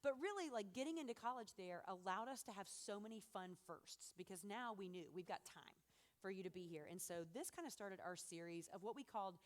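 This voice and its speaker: Woman, middle-aged, casual storytelling, animated, laughs often, quotes people vividly. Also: mid-range voice, a little fast. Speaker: host mother telling family story.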